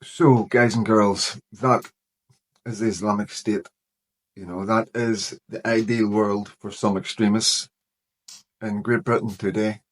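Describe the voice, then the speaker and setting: A man's voice: lowish voice, flat delivery, a little slow. Earnest, worried man in his fifties. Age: 50s. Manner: earnest, worried, peppered with "you know". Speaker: vlogger. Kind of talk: personal commentary vlog.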